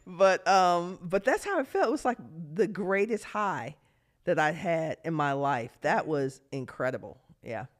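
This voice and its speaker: A woman in her fifties, a former pro basketball player, telling stories as a podcast guest and acting out what people said with big jumps in her voice. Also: a little slow. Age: 50s. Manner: animated, acts out quotes with big pitch jumps, laughs often. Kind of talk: podcast interview storytelling.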